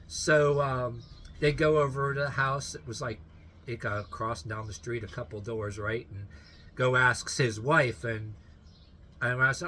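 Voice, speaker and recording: A man's voice: mid-range voice, a little slow, bright, forceful tone, a little hiss or hum. A man telling a long story in a rambling, casual way, full of restarts and fillers, often holding back a laugh.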